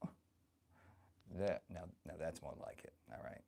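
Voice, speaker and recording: A male livestreamer chats with his audience in character as a crude, flirty, ancient grandmother who is bawdy and vain, teasing viewers and calling them honey. His voice is extremely low, dark and gravelly, pushed up, at normal speed. There's noise in the background.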